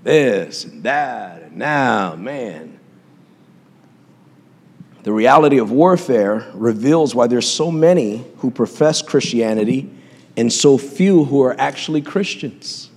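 Impassioned husky-voiced male pastor in a reverberant hall. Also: mid-range voice, expressive, slow, a little mellow. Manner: impassioned preaching with call-and-response asides. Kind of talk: sermon.

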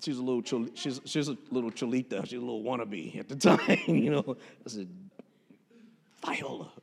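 Punchy, joking preacher in an echoey church. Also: male voice, mid-range voice, a little fast, gravelly, breathy edge. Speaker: pastor. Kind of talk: sermon. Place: church sanctuary.

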